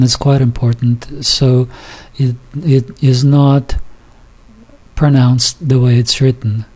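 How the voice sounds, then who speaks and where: A man teaching a language class on a recording, reading from the course book and explaining the sounds. He speaks very slowly and haltingly, with frequent ums and restarts, at a medium pitch. He stretches out example words so each sound can be heard. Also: a little mellow. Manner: halting, many fillers and restarts, slow and careful. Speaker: Yiddish teacher. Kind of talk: informal recorded lesson, reading from a textbook.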